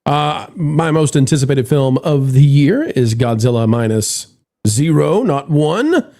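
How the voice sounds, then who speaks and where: A man's voice: fairly high pitch, lively intonation, unhurried, dark tone. A man hosting a casual live-stream chat, playful and theatrical as he introduces guests. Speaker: host.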